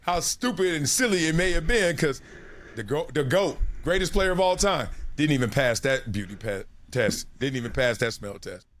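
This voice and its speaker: A man in his forties from South Central Los Angeles, a former football player telling animated stories as a podcast guest, laughing and acting out the voices of people in his anecdotes. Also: fairly high pitch, moderate pace, hardly any pauses. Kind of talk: casual storytelling.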